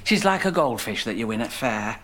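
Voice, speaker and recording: A man's voice: mid-range voice, sing-song, brisk, bright, forceful tone. An actor playing an apologetic son fussing over his wandering mother, speaking rhymed lines in a TV comedy. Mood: explaining. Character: apologetic, harried son of an old woman.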